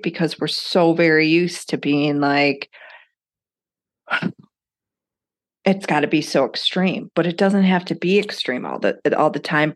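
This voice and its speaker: Blunt low-voiced woman podcast host. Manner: candid, blunt, swears freely. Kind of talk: casual solo podcast talk.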